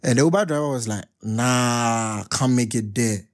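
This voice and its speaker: A young man hosting a podcast, reading text messages aloud in casual commentary and often breaking into loud, high laughter. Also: moderate pace. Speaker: podcast host.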